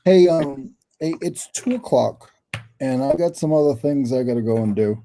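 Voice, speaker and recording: A man's voice: mid-range voice, moderate pace, mellow, slight background noise. A man chatting casually in an online hangout, earnest, often repeating his words. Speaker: reseller channel host. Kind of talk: casual chat.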